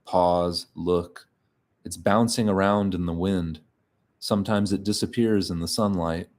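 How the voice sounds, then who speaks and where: A man giving a measured, quiet reading of literary fiction in the first person, pausing often between short phrases. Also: sits low, steady tone. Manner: slow, measured, quiet delivery with frequent pauses.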